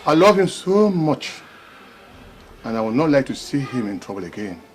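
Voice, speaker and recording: A man's voice: mid-range voice, very animated, moderate pace, lightly acted. An actor playing a remorseful father who pleads with his grown children, speaking with sudden emotional outbursts.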